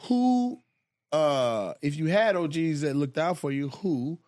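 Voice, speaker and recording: Lively, animated male comedian host. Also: a little high, slow, no room sound, clean studio sound. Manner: animated storyteller, profane and laughing. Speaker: podcast host. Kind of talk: casual chat.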